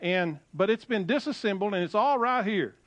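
A middle-aged man preaching a sermon, animated and repeating phrases as he quotes scripture. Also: high voice, moderate pace, dry recording. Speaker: pastor.

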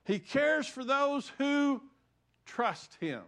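An older man preaching a sermon, telling stories with self-deprecating humor and swinging from loud emphasis to soft, hushed lines. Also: very high-pitched, lively intonation, extremely slow. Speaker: pastor.

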